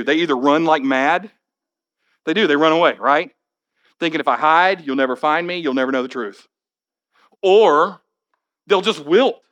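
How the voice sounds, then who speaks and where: A man preaching a sermon as pastor, conversational and plain-spoken, building to animated, rising passages. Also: a little high.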